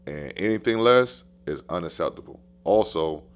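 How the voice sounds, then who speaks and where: Deep-voiced man telling coaching stories. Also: moderate pace. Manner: animated, slangy, repeats phrases for emphasis. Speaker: basketball coach. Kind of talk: casual podcast storytelling.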